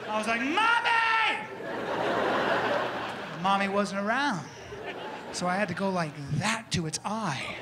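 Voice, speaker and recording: A man performing a comic monologue, animated, breaking into shouted high character voices. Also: normal speed, a loud crowd, heavy background noise. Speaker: comedian. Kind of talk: stand-up style comic monologue.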